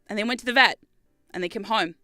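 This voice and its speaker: A woman's voice: mid-range voice, fast talker, pushed and bright, no room sound, studio quality, soft background music. A young adult woman streaming, chatting casually in a rambling way, laughing often and swearing freely.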